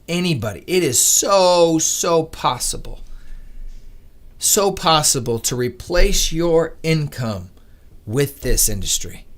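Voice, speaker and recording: A man hosting a live trading stream, talking to viewers in an earnest, animated, motivational way. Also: mid-range voice. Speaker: day-trading livestream host. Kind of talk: casual livestream talk.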